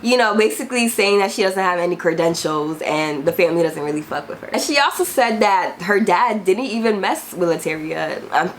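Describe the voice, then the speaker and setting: A woman's voice: lowish voice, expressive, brisk, few pauses, a little hiss or hum. Casual woman recapping on her channel. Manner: chatty and informal, recapping events. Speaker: commentary host. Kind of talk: casual commentary.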